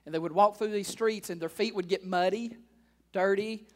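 A male pastor preaching a sermon to his congregation in church, repeating key lines, firing off rhetorical questions and dropping into casual asides, swinging between hushed and loud emphatic delivery. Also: high voice, fairly even intonation, normal speed.

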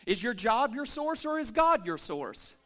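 Pastor guy preaching to his church, real high voice, call and response, gets loud then quiet. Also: very animated, measured pace. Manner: call-and-response preaching, swings from shouting to hushed. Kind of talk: energetic church sermon. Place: church sanctuary.

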